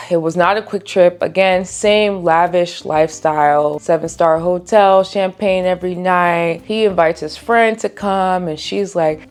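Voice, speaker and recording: Booktube girl rambling about her month, low-ish voice, bit of vocal fry, faint music under it. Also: moderate pace, a little mellow. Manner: chatty storytelling, frequent "like" fillers. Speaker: book vlogger. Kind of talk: casual monthly reading wrap-up chat.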